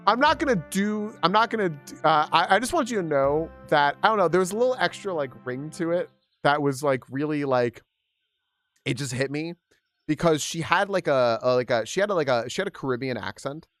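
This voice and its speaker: A man's voice: on the high side, lively intonation, fairly quick, fairly bright tone, faint music behind. A man streaming a game, telling stories casually, swearing a lot and full of filler words. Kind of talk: casual gaming stream storytelling.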